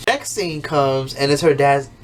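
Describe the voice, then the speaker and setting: Speaking at a measured pace in a medium-pitched voice, a man recaps an episode like a YouTuber talking straight to his viewers, loose and full of profanity. He keeps slipping into exaggerated character voices, with a faint hum of room ambience behind him.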